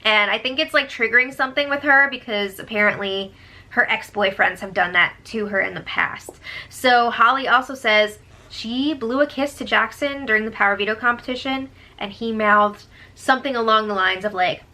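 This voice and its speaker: A woman's voice: a little high, normal speed, bright, forceful tone. A woman giving a gossipy, sarcastic casual recap of a reality show, breaking into disbelieving exclamations. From United States.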